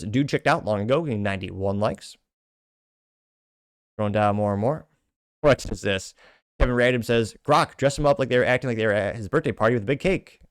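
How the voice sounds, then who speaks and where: A man's voice: lowish voice, smooth, no room sound, studio quality. A man hosting a casual commentary show, reading out comments with wry, joking asides. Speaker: host.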